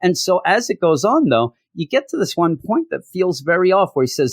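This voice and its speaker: A man's voice: high voice, sing-song, moderate pace, few pauses, husky, dry recording, clean studio sound. A man casually reviewing a comic book, sarcastic, reading out lines in mocking voices.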